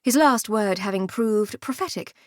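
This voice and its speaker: A woman narrating an audiobook with expressive, wry comic storytelling. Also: mid-range voice, normal speed, no room sound, studio quality. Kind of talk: scripted narration.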